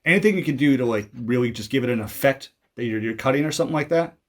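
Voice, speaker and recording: A man's voice: mid-range voice, animated, fast. Rambling, self-mocking young man from Canada. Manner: rambling and self-mocking, many fillers and restarts. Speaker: YouTuber commenting on his own old video. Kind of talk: casual video commentary.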